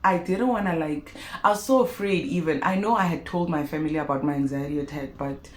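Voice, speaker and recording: A young South African woman telling a personal story to her viewers in a vlog, expressive and animated. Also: low-pitched, brisk. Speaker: YouTuber. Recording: roomy echo.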